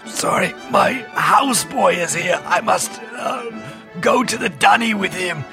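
A man putting on a silly, pompous mock-British voice, speaking in a halting, drawn-out way. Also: mid-range voice, over music, close to an everyday voice.

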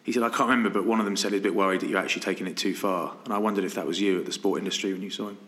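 A man in his thirties chats on a podcast, spinning anecdotes and slipping into his friends' voices. His voice is bright and fairly low. The room around him sounds echoey. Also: steady tone, rapid-fire. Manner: storytelling, laughs often, acts out quoted friends. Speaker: podcast co-host. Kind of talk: casual chat.

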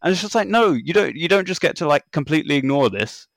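A man's voice: fairly high pitch, lively intonation, fast talker, vocal fry, no room sound, studio quality. A man co-hosting a casual football podcast, talking in an exasperated, rambling, sardonic way. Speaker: podcast co-host.

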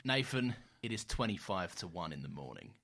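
Animated, bright-voiced man. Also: sits low, fairly quick. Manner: joking, self-deprecating, swears casually. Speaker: podcast co-host. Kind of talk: casual chat.

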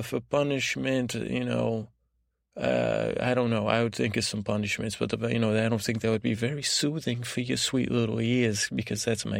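A man voicing a grumpy, cynical male butterfly who rambles along in halting, grumbling sentences full of fillers for a sleep podcast. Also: mid-range voice, vocal fry, dry recording, studio quality. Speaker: podcast host. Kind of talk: sleep podcast character monologue.

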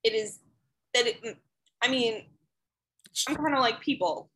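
A young woman co-hosts a casual podcast, telling stories in a chatty, animated way full of fillers. Her voice is bright and a little high. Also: measured pace, creaky, low-quality recording. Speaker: podcast co-host. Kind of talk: casual chat.

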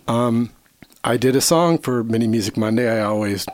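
A man chats casually on his podcast, relaxed and halting, often restarting his sentences. His voice sits at a middling pitch. The sound is dry and close. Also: no echo. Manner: relaxed, halting, repeats himself. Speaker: podcast co-host. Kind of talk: casual chat.

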